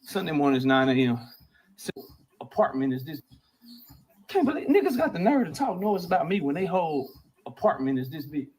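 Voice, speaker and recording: A man's voice: on the high side, sing-song, moderate pace, pauses often, darkish tone, breathy edge, poor audio. A man talking boxing on his own channel, brash and trash-talking, played as a clip. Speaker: boxing commentator in clips.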